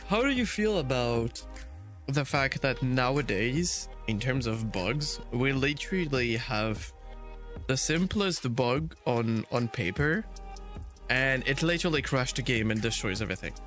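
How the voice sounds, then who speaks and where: A man's voice: mid-range voice, expressive, measured pace, a bit bright, soft background music. A man hosting a casual podcast, chatty and hesitant with many fillers. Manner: laughing, hesitant, lots of fillers. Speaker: podcast host.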